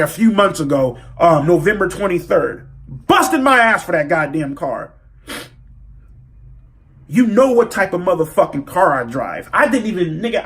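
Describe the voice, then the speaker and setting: A man telling a story in a casual vlog, profane and animated as he rants. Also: sits high. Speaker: vlogger.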